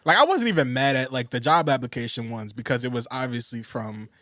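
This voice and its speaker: A man co-hosting a podcast, talking in loose casual chat at a medium pitch. He rambles through fillers and restarts and breaks into laughter. His voice sounds dry and close. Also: brisk, fairly bright tone, dry recording. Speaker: podcast co-host.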